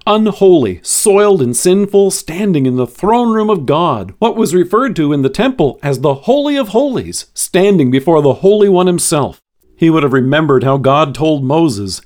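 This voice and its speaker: A man giving a scripted devotional, reading scripture with expressive, dramatic delivery from a close studio mic. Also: on the high side. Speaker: devotion speaker.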